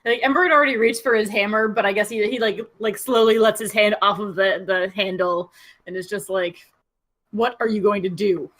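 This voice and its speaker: A woman playing a tabletop game, chatty and quick to laugh. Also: mid-range voice, steady tone, a bit bright. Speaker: player. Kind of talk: casual chat, tabletop play.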